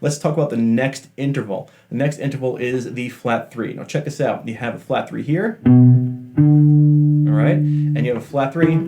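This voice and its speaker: A man giving a casual, chatty guitar lesson, joking about himself and apologizing for talking so much. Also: medium pitch. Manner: chatty, self-deprecating, apologizes for talking a lot. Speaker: guitar teacher.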